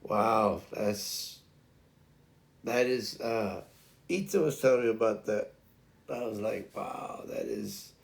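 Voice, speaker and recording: A man's voice: fairly low pitch, slow, vocal fry, long pauses. A man hosting a casual livestream chat, rambling and restarting his sentences often. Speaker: livestream host.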